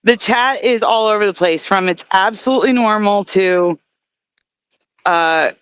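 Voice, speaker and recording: A woman's voice: medium pitch, a little slow, a bit bright, smooth, no echo. A woman hosting a live stream, chatting casually and skeptically while reading viewer comments aloud. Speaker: host reacting to videos.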